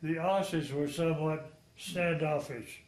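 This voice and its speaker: A Texas man in his nineties who served in World War II shares rambling, candid stories with chuckles during an oral history interview. His voice is on the high side and a little mellow, with fairly even intonation and a slightly slow pace, and the room echoes.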